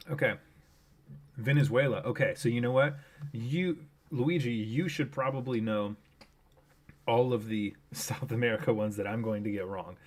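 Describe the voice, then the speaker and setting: A man streaming a game live, chatting casually and thinking aloud with many fillers and restarts, on a desk microphone at home. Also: medium pitch.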